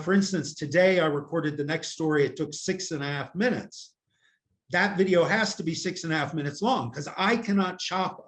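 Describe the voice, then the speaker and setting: An older man from the United States, a guest in a casual interview, talking at length in a rambling, self-mocking way with many fillers, picked up by a laptop microphone. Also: a little high. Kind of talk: casual video-call interview chat. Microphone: laptop camera microphone.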